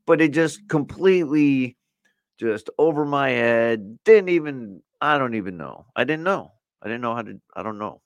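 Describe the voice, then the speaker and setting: A man's voice: mid-range voice, sing-song, normal speed, no echo, clean studio sound. A middle-aged man hosting a podcast alone in a loose, rambling chat, full of "you know" and "like". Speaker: podcast host. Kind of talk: casual solo podcast chat. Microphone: camera setup for video recording.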